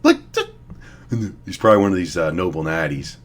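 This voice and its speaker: Deep-voiced blunt young man. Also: brisk. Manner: blunt, profane, rambling with restarts. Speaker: fitness vlogger. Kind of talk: casual commentary ranking influencers.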